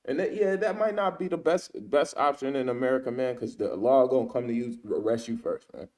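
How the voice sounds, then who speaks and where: A man's voice: medium pitch, brisk, few pauses, a little mellow. A man giving casual spoken commentary as a ministry speaker, who weaves in scripture quotes and keeps tagging his sentences with "man" and "right?".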